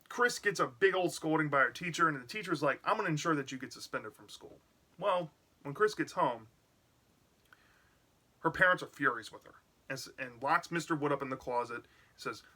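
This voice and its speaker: A man's voice: fairly high pitch, pushed and bright. A man giving a casual, chatty recap of a book's plot for a review, often checking in with "right?". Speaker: book reviewer.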